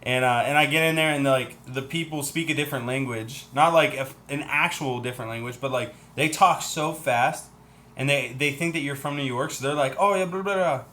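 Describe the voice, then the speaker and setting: A man hosting a livestream, telling a story in a chatty, animated way and acting out what other people said. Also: medium pitch, fairly quick, slight background noise. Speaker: livestream host.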